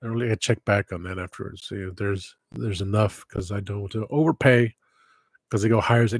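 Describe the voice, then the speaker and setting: Speaking briskly on the low side, this livestream host uses a headset and there's no echo. He rambles casually, drifts off topic, cuts himself off, and adds wistful asides.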